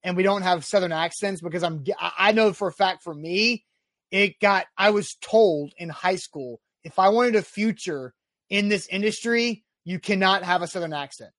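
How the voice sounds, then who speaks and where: A man from the Nashville area hosting a casual sports talk show, reading listener questions in a brisk, firm way, with no Southern accent. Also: sits high, fairly bright tone, no room sound, studio quality. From Nashville area, Tennessee. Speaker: podcast host.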